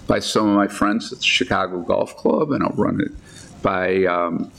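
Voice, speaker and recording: A man, a golf course architect, telling lively anecdotes in casual chat, acting out the people he quotes. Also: fairly low pitch, normal speed, vocal fry, a little hiss or hum. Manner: animated anecdotes with quoted voices, frequent restarts.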